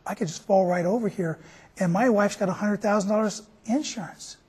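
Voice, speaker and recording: A man's voice: high-pitched, fairly quick, a little mellow, slightly rough. A man voicing a struggling middle-aged factory owner who speaks eagerly, at times in despair.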